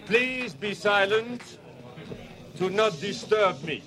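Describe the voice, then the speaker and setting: A man from France reading a formal speech in a slow, deliberate, solemn way. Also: high-pitched, lively intonation, a crowd in the background.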